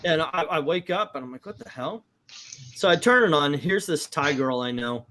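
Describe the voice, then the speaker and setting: A middle-aged man chatting casually on a comic book livestream, his slightly high voice swinging up and down with lots of life. He keeps breaking into little character voices to act out quotes. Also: normal speed, slight background noise. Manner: animated, acts out quotes in voices. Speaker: comic book show host.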